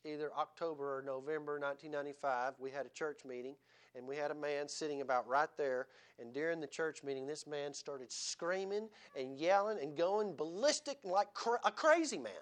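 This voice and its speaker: Speaking at a moderate pace, a pastor with a high-pitched voice delivers a church sermon, reading from scripture and keeps posing rhetorical questions to the congregation to raise a sense of urgency.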